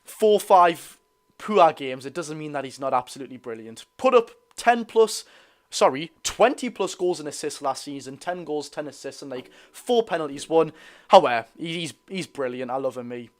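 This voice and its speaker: A young Geordie man chatting on a football livestream, his voice sitting a little high for a man. He talks loosely and easily, reads out viewer comments, and keeps calling his audience lads and lasses. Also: expressive, normal speed. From North East England. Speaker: football fan livestream host. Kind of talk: casual live watch-along chat.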